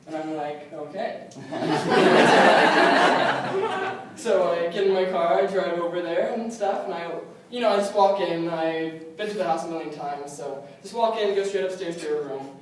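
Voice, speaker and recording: High-voiced young man doing stand-up. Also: animated, unhurried. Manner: rambling, self-amused, lots of ums and likes. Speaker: stand-up comic. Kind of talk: stand-up storytelling. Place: comedy club stage. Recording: echoey room recorded from far, noisy. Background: audience laughter.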